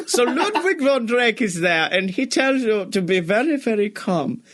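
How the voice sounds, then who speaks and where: A young man co-hosting a podcast, chatting casually, excited and swearing often, laughing as he talks. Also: sits high, moderate pace. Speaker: podcast co-host. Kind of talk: casual chat.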